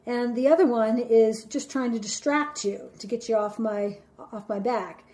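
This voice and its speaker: A woman's voice: a little high, moderate pace, dark tone. A woman giving an instructional talk, explaining step by step and acting out her examples with dramatic flair.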